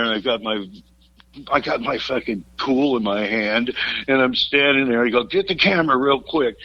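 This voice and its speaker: Raucous, laughing rock singer telling tales. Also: male voice, mid-range voice, fairly bright tone, muffled recording. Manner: laughs through his stories, swears freely, cracks jokes. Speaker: rock singer and podcast guest. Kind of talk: raucous storytelling in casual chat.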